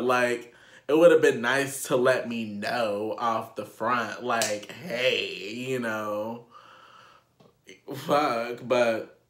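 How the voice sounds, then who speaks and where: A young man telling a casual storytime on his vlog, animated and profane, laughing as he goes. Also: mid-range voice. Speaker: vlogger. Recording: echoey room.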